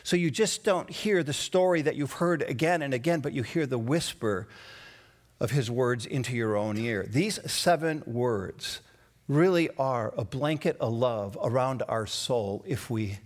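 A man preaching a sermon, swinging between a hushed voice and raised, dramatic outbursts. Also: fairly high pitch. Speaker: pastor.

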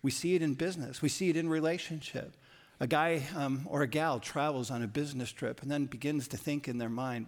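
A man's voice: medium pitch, brisk. A man preaching a sermon in a conversational way, telling stories with bursts of animation and repeating key lines for emphasis. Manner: animated storytelling with sudden bursts of loudness. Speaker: pastor.

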